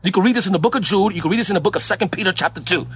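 A man's voice: high voice, racing, a bit bright. A man from Puerto Rico preaching in an emphatic way, often repeating phrases for emphasis. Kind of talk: sermon-style teaching.

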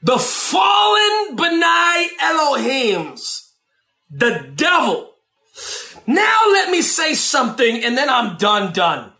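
A man preaching a sermon, shouting and dramatic, with asides to the congregation. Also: extremely high pitch, huge pitch swings, slow, roomy sound.

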